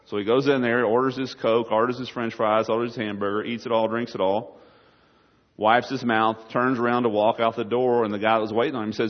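A man's voice: fairly low pitch, steady tone, fairly quick. A man preaching a sermon, folksy and jokey, talking straight to his listeners and telling stories. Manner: folksy, jokey, talks to the audience. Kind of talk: sermon with storytelling. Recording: dull lo-fi recording.

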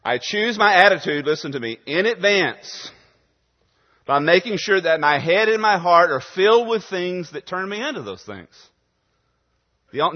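A male pastor preaching a sermon, punching key words loudly, then dropping to quiet asides. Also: a little high. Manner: emphatic preaching, swings from loud stresses to quiet asides. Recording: dull sound in a reverberant hall.

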